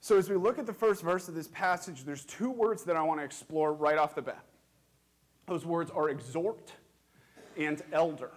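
A pastor preaching a sermon in a church, asking questions and speaking earnestly with measured, emphatic pauses. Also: male voice, fairly high pitch.

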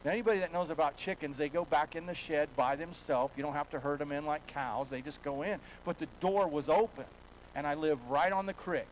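A male pastor preaching a sermon in a folksy, storytelling way, his voice a bit higher than most men's. He drops to a near hush and then rises to loud, driving lines. A faint hiss sits under the recording. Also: steady tone, a little fast, rough recording. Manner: folksy storytelling, swinging between hushed and loud. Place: church.

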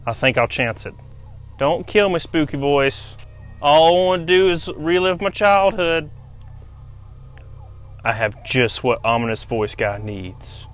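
A man's voice: fairly high pitch, expressive, measured pace, pauses often, fairly bright tone. A man acting in a comedy skit, talking in a playful, self-mocking way. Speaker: YouTube creator acting in a skit.

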